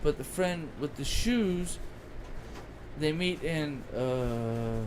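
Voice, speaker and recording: In a fairly high voice, this man draws out his words while co-hosting a podcast, rambling and sharing strong opinions in casual conversation. The recording has noticeable background noise.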